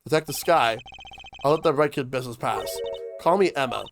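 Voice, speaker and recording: A man's voice: mid-range voice, fairly quick, gravelly, over music, close to an everyday voice. A man reading a brusque, grumpy young woman detective. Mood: irritable. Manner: brusque, irritable.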